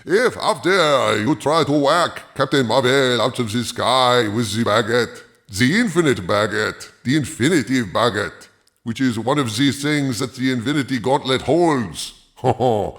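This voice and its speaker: A man's voice: medium pitch, expressive, a bit bright. A man hosting in character as a pompous French film critic, speaking with an exaggerated fake French accent in a comic monologue. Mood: absurd musing. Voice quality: over-the-top accent, drawn-out delivery, chuckling asides. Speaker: host.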